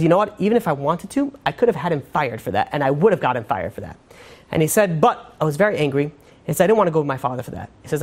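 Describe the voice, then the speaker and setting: Man, rabbi, casual sermon, rapid delivery, rambling with restarts. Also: fairly high pitch.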